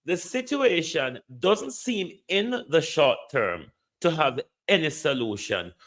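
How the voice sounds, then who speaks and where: A man's voice: on the high side, very animated, slow, fairly bright tone. A Jamaican man hosting a commentary show, making impassioned appeals to the government and answering listeners. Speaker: host.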